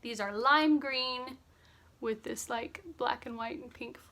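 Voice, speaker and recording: A woman's voice: a little high, takes it slowly, bright, forceful tone. A woman in her thirties chatting casually at home about her cross stitch projects, upbeat and sleepy. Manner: chatty, upbeat, lots of fillers. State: sleepy, yawning. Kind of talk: casual chat.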